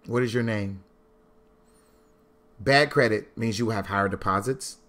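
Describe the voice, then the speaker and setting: Animated preacherly man teaching finances. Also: measured pace. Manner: preacherly, animated, repeats lines for emphasis; swings from low asides to loud high-pitched bursts. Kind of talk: sermon-style financial talk.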